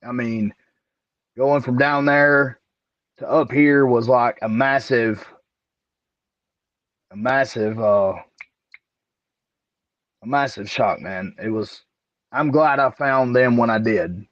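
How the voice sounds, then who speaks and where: Slow-talking man from Alabama. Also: mid-range voice, a bit bright, no room sound. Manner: slow, measured, clears throat. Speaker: wrestler guest. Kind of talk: casual interview answers. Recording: dry, dull lo-fi audio.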